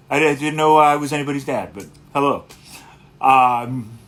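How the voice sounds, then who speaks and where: Relaxed man chatting on a livestream. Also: medium pitch, normal speed. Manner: relaxed, rambling, greets viewers by place. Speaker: guitarist hosting a livestream. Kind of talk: casual livestream chat.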